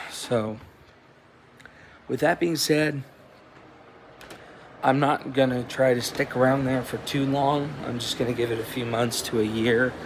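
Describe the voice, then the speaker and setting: A man's voice: mid-range voice, steady tone, measured pace, long pauses, a little hiss or hum. A man in his twenties talking casually to the camera in a vlog. He tells a loose, rambling story with frequent swearing and restarts. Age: 20s. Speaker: vlogger. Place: indoors at home, with a cat.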